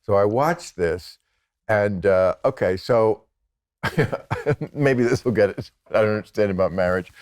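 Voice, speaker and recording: A sardonic American man in his sixties with a fairly low voice. He chats casually and mocks what he describes, swearing freely and laughing between remarks. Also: a little slow, a little mellow, clear, resonant tone. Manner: sardonic, profane, laughing asides. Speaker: podcast guest, comedian. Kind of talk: casual chat.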